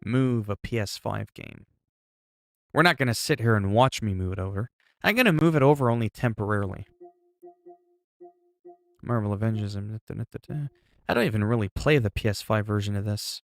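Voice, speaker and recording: A man chats easily through a game livestream, answering viewers and reacting with quick exclamations. His voice sits on the lower side, recorded close and dry with no room sound. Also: creaky, no echo, faint music behind. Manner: chatty, reacting to chat and exclaiming. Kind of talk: casual livestream chat.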